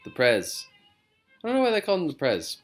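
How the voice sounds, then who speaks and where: Lively, rambling man on a vlog. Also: a little high, normal speed, soft background music. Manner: rambling, digressive, self-mocking. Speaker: comedian vlogger. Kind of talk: casual rambling chat. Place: living room.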